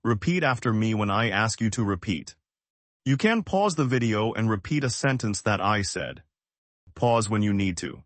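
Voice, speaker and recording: A man from the United States teaching English, speaking slowly and clearly in short, simple sentences. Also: fairly low pitch, a bit bright, dry recording. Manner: slow, clear, short sentences with repetition drills. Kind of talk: slow, simple language lesson.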